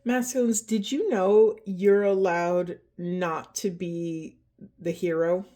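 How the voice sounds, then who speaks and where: A woman giving a slow, halting spiritual card reading, emotional, with heavy breathing and a trembling voice. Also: on the low side, fairly even intonation, mellow. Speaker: oracle card reader.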